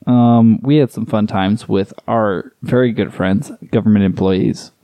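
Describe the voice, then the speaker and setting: A man's voice: lowish voice, fairly even intonation, unhurried, warm tone, dry recording. A man co-hosting a podcast in casual chat, making sarcastic, wry jokes. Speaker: podcast co-host.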